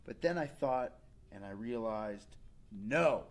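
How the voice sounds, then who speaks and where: A man in his thirties hosting a casual comedic rant, animated and slipping into mocking voices. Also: fairly low pitch, takes it slowly. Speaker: show host.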